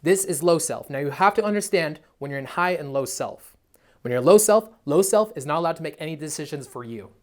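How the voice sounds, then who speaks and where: Fast-talking blunt male coach. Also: fairly high pitch, expressive. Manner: blunt, profane and emphatic. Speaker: dating coach. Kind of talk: motivational self-help monologue.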